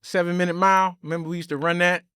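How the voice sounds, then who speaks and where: A man co-hosting a podcast in casual chat, easygoing and quick to laugh. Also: sits high, little pitch movement, sharp tone, clean tone, dry recording, studio quality. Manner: laid-back, easygoing, laughs often. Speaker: podcast co-host.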